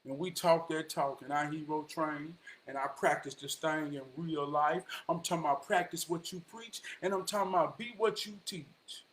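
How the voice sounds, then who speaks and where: A man with a Southern US accent giving heartfelt motivational shout-outs, preachy and repetitive, swinging from soft murmurs to loud bursts. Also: on the high side, moderate pace, hardly any pauses, a little hiss or hum, poor audio. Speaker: motivational vlogger.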